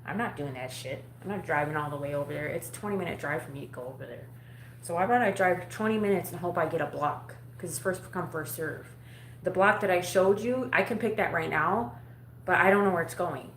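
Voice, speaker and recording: A woman rambles bluntly to her live-stream viewers, cursing freely. Her voice sits a little low, and the room around her is echoey, with a faint hum behind it. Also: fairly quick, a bit bright. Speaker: vlogger talking to a live audience. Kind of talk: casual live-stream chat. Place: home at night.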